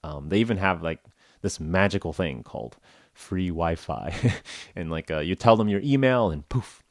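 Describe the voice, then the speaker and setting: Male podcast host, low voice with lively swings, joking, filler-heavy casual chat. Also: moderate pace, no echo, clean studio sound. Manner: rambling, jokey, heavy with "like" and "uh". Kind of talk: casual chat for English learners.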